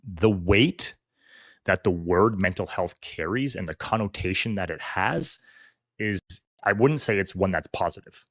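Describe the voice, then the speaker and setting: A man, a firefighter guest on a talk show, telling personal stories in an earnest, reflective way that softens and trails off at times. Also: low voice, lively intonation, unhurried, no room sound, studio quality. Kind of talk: candid conversational storytelling.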